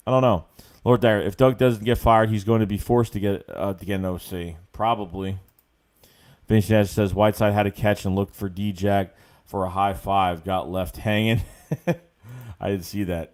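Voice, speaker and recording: A man hosting a casual sports livestream, reading viewers' comments aloud and answering them in a blunt, profane way with many fillers and repeated words. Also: fairly low pitch. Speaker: livestream host reading fan chat.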